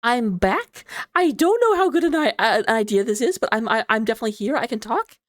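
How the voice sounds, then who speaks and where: A woman casting an esports match in a chatty, giggly, rambling way, lounging low in her chair. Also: lively intonation, fairly quick, no room sound, studio quality. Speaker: esports caster. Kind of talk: casual esports commentary.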